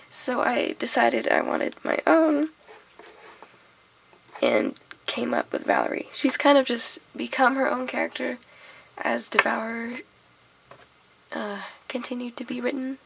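Young woman, sick and hoarse, very gravelly, slow unhurried talk, rambling and giggly. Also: on the high side, fairly bright tone, poor audio. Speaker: vlogger. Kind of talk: casual chat.

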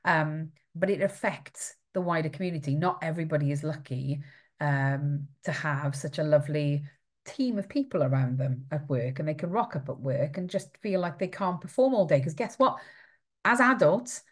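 A woman's voice: low-pitched, moderate pace. A middle-aged woman with a Welsh accent hosts a live stream for parents, reading out viewer comments in a chatty, sympathetic way with frequent fillers. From Wales. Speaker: host of a parent support livestream. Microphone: webcam or phone on a live stream.

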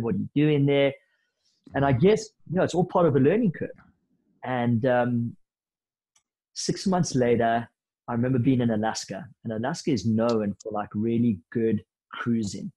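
A man in his thirties, a podcast guest telling anecdotes in a lively, casual way with bits of slang. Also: medium pitch, poor audio. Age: 30s. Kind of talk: storytelling in a podcast interview.

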